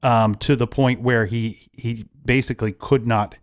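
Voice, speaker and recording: A man's voice: medium pitch, fairly even intonation, measured pace. Man recounting a true-crime case. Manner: retells events at length with many restarts. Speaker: podcast host. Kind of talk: casual true-crime storytelling.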